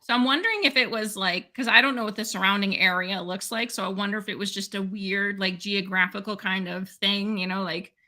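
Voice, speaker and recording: A woman's voice: medium pitch, brisk, few pauses, sharp tone. A woman co-hosting a podcast in casual chat, rambling and hedging as she thinks aloud. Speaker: podcast co-host.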